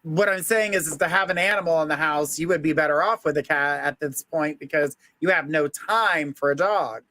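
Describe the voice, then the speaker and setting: A man's voice: fairly high pitch, normal speed, bright, forceful tone, dry recording. A man hosting a casual live psychic stream, upbeat and laughing often as he reads viewer comments aloud.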